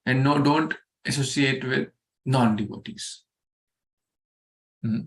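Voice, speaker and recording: Slow, gravelly male teacher. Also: mid-range voice. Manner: slow, repeats words and asks the group questions. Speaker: scripture class teacher. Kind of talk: explaining a scripture verse to an online study group.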